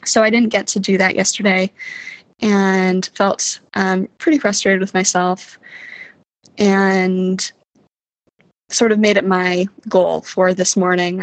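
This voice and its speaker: A woman recording a casual spoken diary early in the morning, in her morning voice, talking hesitantly and reflectively with many pauses. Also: mid-range voice, dry recording, poor audio. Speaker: vlogger, musical writer.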